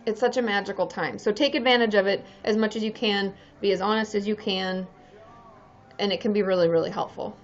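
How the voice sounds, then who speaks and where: This licensed therapist's livestream chat comes in a medium-pitched, steady voice that runs a little fast. Casual and candid, she swears freely and laughs often, captured in dull lo-fi audio.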